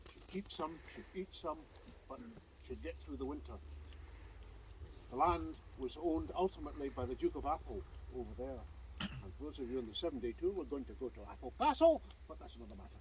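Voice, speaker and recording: Lively Scottish storyteller outdoors. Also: male voice, fairly high pitch, a little hiss or hum, poor audio. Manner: lively, conversational with asides. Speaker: clan society vice president. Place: outdoors by a standing stone.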